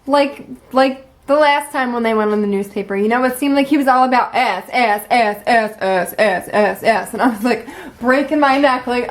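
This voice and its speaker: A young woman vlogger telling a story in casual, profane talk, animated and full of "like". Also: high voice, moderate pace.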